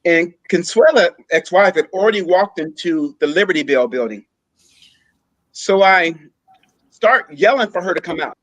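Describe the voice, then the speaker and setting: A man earnestly telling a personal story, in a halting way with pauses and fillers. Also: high-pitched, expressive, fairly bright tone, dry recording, low-quality recording. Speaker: guest sharing a personal story.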